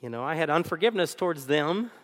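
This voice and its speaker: A co-pastor preaches a sermon with lots of animation, acting out arguments and laughing often. His voice is fairly high and quick, carrying the sound of a big room.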